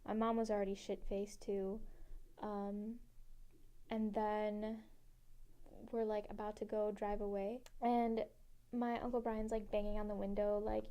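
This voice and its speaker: A woman's voice: medium pitch, level tone, unhurried, warm tone. A young woman telling a personal story in a casual, rambling way, full of fillers and freely swearing. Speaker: interviewee.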